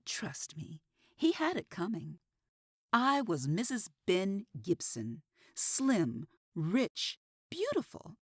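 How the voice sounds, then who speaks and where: An eerily calm woman killer with a husky edge, as a narrator puts her on, her speech swinging widely in pitch as bitterness surfaces. It sounds dry and close, like a studio audiobook. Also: slow, no room sound, full character voice. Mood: bitter.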